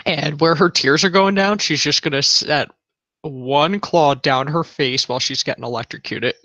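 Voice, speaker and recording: A man describes his character's actions in a tabletop role-play game. His voice is bright and forceful, and he speaks in a matter-of-fact way. The mic sounds dry and close. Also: a little high, normal speed, no echo. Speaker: player.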